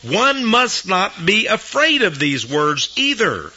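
Lively emphatic male preacher. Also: slow pace, breathy edge, lo-fi sound. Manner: emphatic preaching, pitch swoops up on quotes. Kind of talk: sermon.

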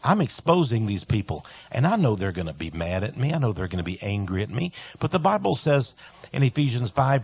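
Preacher guy on the radio, breathy husky voice, really lively up and down, mocks people sometimes. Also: medium pitch, no echo. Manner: emphatic, swings between soft asides and loud exclamations; mimics opponents in mocking voices. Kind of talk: radio sermon.

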